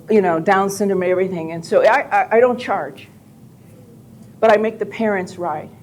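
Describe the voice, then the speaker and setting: An older woman on a live convention panel, telling animated, joking stories with some profanity. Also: medium pitch, a little hiss or hum. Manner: animated, jokey, profane anecdotes.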